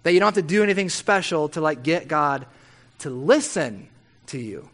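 A man preaching a conversational sermon, animated and playfully wry, often tossing in quick tag questions to the listeners. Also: fairly high pitch.

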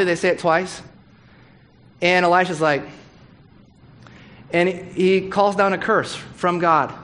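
A man's voice: high voice, fairly even intonation, takes it slowly, long pauses, a bit bright. A man preaching a sermon as pastor, candid and conversational, with humorous asides. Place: church hall.

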